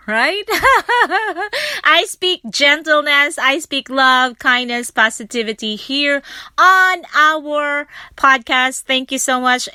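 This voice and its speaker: A woman's voice: sits high, bright, forceful tone, smooth, dry recording. A woman hosting her podcast, chatting in a rambling, storytelling way and often breaking off to restart her sentences. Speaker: podcast host and teacher. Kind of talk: casual podcast monologue.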